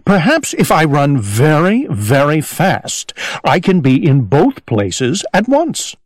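A man voicing a fretful little male owl in a storybook reading, with high, excited cries that climb as he hurries. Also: slow, no echo, clean studio sound, exaggerated voice. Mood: wondering.

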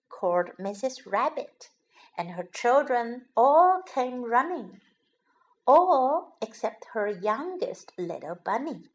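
A woman narrating a children's story in a slow, lilting, expressive way. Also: on the high side.

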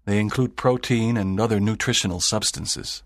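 A man's voice: on the low side, normal speed, no echo, studio quality, close to an everyday voice. A man playing a sad, lonely teacher. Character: sad, lonely, strict middle-aged male teacher. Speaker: narrator's teacher. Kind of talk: audiobook drama reading.

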